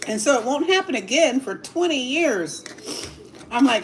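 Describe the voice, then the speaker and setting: A woman's voice: sits high, animated, measured pace, slight background noise. A middle-aged woman chatting casually to her livestream viewers while eating dinner at home, laughing often and murmuring as she tastes the food. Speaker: livestream cooking host. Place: home dining table.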